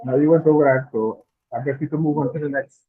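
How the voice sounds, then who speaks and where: A man co-hosting a casual stream discussion, making measured explanatory points. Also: fairly high pitch, fairly even intonation. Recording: tinny phone-like line.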